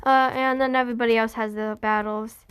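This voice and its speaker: A woman's voice: on the high side, little pitch movement, fairly quick, fairly bright tone, smooth. A woman narrating an improvised fan story, rambling and hesitant, correcting herself as she goes.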